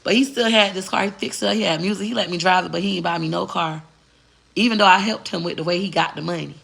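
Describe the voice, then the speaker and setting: A woman's voice: lowish voice, quick pace, gravelly, a bit bright, slightly rough. A woman vlogger telling a personal story in a candid, blunt and profane way. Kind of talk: casual storytelling to camera.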